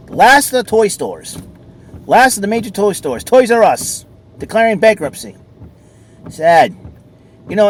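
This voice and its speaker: A man's voice: mid-range voice, a little hiss or hum. A man chatting casually while sitting in his car at a mall, rambling along with lots of fillers. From southern New England. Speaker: vlogger. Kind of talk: casual chat.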